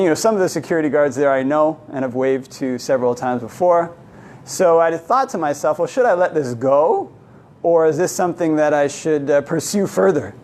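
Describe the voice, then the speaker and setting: A man's voice: fairly high pitch, darkish tone. A man, a Buddhist monk from Canada, tells a personal story in a casual Dhamma talk, full of "you know" fillers and acting out both sides of a conversation. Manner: chatty storytelling, many "you know" fillers, acts out dialogue.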